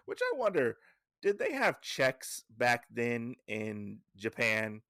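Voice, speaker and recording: A man's voice: medium pitch, wildly swooping pitch, slow pace, pushed and bright, no echo, studio quality. Rambling man recapping a comic. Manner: rambling, filler-heavy, digressive. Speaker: podcast host. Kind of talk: casual comic book recap.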